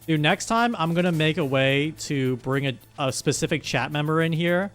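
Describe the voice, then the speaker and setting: Brief: male livestream host, hyped and joking, slightly higher voice, faint music behind. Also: moderate pace, fairly bright tone, clean tone. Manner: hyped, joking, talks straight to his chat. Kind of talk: casual live-stream chat.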